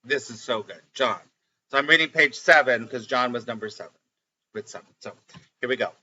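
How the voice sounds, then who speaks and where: A middle-aged man hosting a live stream as a spiritual teacher, chatting casually and excitedly, often laughing and repeating lines. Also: mid-range voice, fairly quick, dull audio.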